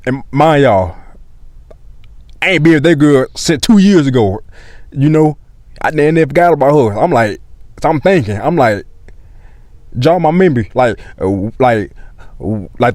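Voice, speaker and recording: A man's voice: medium pitch, lively intonation, moderate pace, a little mellow, dry recording, studio quality. A young man telling a storytime vlog in casual, slang-heavy, profane talk that loops back and repeats itself.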